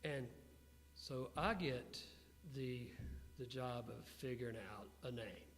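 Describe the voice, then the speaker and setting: A man being interviewed before an audience, telling business stories in an animated way and putting questions to the crowd. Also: mid-range voice, takes it slowly, gravelly. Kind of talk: storytelling talk to an audience. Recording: long hall reverb with faint hum.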